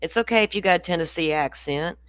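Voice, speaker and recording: Chatty Southern woman, low voice. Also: fast talker, fairly bright tone, dry recording. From Florida. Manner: chatty, laughing, storytelling asides. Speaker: true crime streamer. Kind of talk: casual livestream chat.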